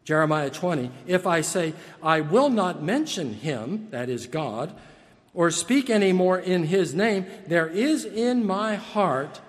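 A man with a notably high voice preaches earnestly from the pulpit, pressing his points with repeated words and restarts. His sermon rings out with a long reverb, as in a large church hall. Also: lively intonation, slow pace. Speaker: pastor. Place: church sanctuary.

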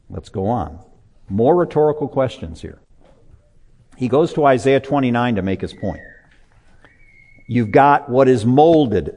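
Animated male preacher with lively pitch. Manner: animated, with conversational asides and chuckles to the congregation. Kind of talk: sermon.

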